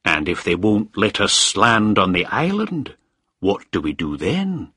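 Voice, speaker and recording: A man voicing a dependable, grim male villager who speaks slowly and gravely in a storybook. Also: on the low side, huge pitch swings, pushed and bright, no echo, studio quality, heavily acted.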